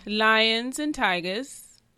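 A woman plays a Jamaican dog walker interviewing for a circus job, eager and salesy, stretching out her lists. The voice is bright and forceful, and it sounds close and dry with no room around it. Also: fairly high pitch, expressive, drawn-out words, smooth, no room sound, heavily acted. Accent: put-on Jamaican.

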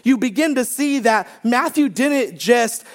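A man's voice: extremely high pitch, expressive, unhurried. A man preaching a conversational sermon to his congregation, chatty and joking, with plenty of fillers. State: recovering from strep throat. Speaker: pastor. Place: church sanctuary under stage lights.

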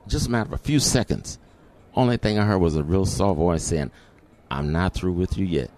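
A middle-aged man, telling a personal story as an interview guest and acting out the voices in it. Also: fairly low pitch.

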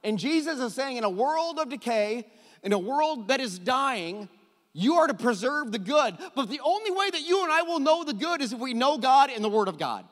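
Animated middle-aged male preacher, high voice. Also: normal speed, in a large hall. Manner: animated, jokey, repeats words. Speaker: pastor. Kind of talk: sermon. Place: church hall.

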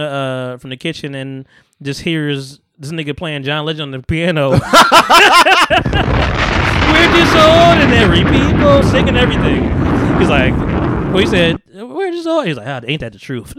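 Animated man retelling a movie. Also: a little high, clean tone. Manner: animated retelling, acting out quotes, frequent laughter. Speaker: podcast host. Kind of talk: casual chat.

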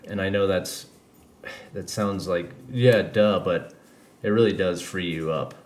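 A man's voice: deep voice, fairly even intonation, unhurried. A man hosting a podcast, chatting casually and rambling candidly, swearing freely as he talks. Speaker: podcast host. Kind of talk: casual chat.

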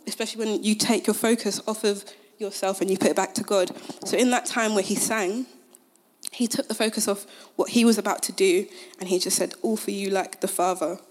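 A young woman giving a casual sermon. She is conversational, uses many fillers, and retells scripture in modern slang. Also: medium pitch. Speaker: speaker at a Christian gathering.

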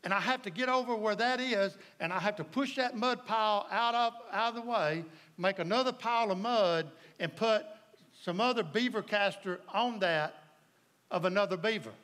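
A man's voice: high voice, moderate pace, a bit bright. A man with a Southern US accent preaching a sermon as pastor, folksy and storytelling, often asking the congregation if they follow.

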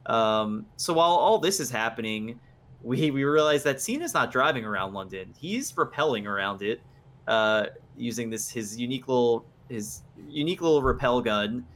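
A man's voice: medium pitch, expressive, normal speed, a bit bright. A man co-hosting a movie podcast, recapping scenes eagerly with frequent restarts. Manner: enthusiastic, stumbling restarts. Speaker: podcast co-host. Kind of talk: casual movie recap chat.

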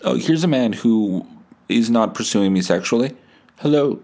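A man's voice: mid-range voice, expressive, moderate pace, creaky, mellow. A man putting on the voices of cheerful young women who greet a passerby in a chirpy, mock-relieved way.

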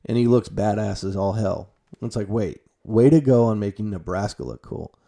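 A young man with a lowish, mellow voice talks casually to his viewers. He rambles in a loose, profane way, drops to a mutter at the ends of phrases, and jumps up loud and high when he acts out his own panicked reactions. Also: normal speed, gravelly. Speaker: vlogger.

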